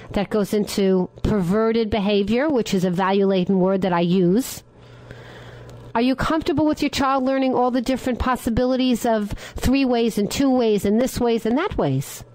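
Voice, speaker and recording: A woman's voice: mid-range voice, darkish tone, no echo, rough recording. A middle-aged woman hosting a talk radio show, giving her opinions in a monologue and firing rhetorical questions at her listeners.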